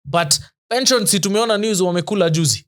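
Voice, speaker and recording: A man with a Kenyan accent co-hosting a podcast, a lively storyteller who often laughs and mixes slang into casual chat. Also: high voice, a little fast. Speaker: podcast co-host.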